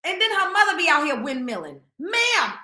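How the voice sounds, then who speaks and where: Bright, blunt woman gossip host. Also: high voice, fast talker, reverberant. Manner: blunt, profane and animated. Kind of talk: live celebrity gossip commentary.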